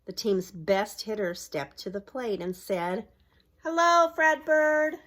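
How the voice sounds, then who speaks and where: A woman's voice: medium pitch, steady tone, unhurried. Woman, middle-aged, preschool story time read-aloud, questions for the kids, points at the pictures. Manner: asks young listeners questions and points at pictures; bright exaggerated voice for cheering lines. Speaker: preschool owner reading aloud.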